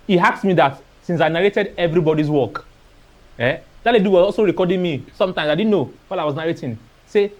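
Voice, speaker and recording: A man's voice: high voice, quick pace, a little mellow. A man with a Nigerian accent giving a motivational seminar talk as an artist, telling stories and slipping into Pidgin phrases. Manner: storytelling, acting out dialogue, dropping into Pidgin phrases.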